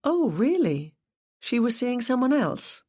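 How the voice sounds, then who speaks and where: Narrator playing a calm woman detective, polite, persistent, a touch lifted, dry read. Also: a little high, takes it slowly, no room sound, voice pushed up, exaggerated voice. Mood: probing. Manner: polite, gently persistent questioning. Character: patient, probing woman detective. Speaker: police detective.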